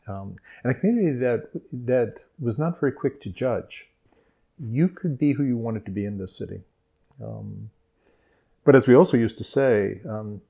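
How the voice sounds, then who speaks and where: A man with a New Orleans accent, speaking as an interview guest in a thoughtful, measured way with frequent pauses and ums. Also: medium pitch, creaky, warm tone. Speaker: guest expert. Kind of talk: interview conversation.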